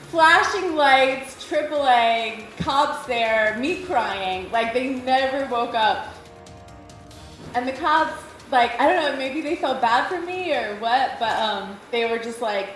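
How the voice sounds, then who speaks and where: A woman recounts a true story on a live stage in a casual, self-mocking way, swearing and laughing as she goes. Her voice sits fairly high. She is heard from a distance in a very echoey hangar with music behind her. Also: expressive, measured pace, slight background noise. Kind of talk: live storytelling before an audience. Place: former airplane hangar at a live show.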